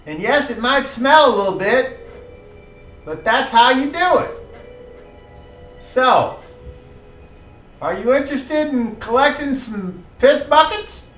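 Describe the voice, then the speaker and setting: A man's voice: very high voice, lively intonation, slow, long pauses, fairly bright tone, pitched above the performer's own voice, exaggerated voice. A man voicing a meek, stammering old male tanner who asks for odd favors. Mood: wheedling. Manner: pleading, stammering, easily frightened. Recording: roomy, distant mic, faint music.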